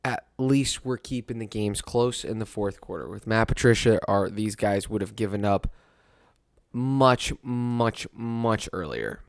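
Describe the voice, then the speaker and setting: Rambling young man with a smooth voice. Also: fairly low pitch, a little slow, dry recording, clean studio sound. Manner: rueful, rambling, laughs at his own misery. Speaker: podcast host. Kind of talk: casual sports talk monologue.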